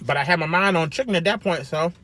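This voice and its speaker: A man chatting casually while eating, a food vlogger with an animated, sassy way of talking, recorded in a parked car. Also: a little high, fast talker, slight background noise. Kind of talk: casual mukbang chat.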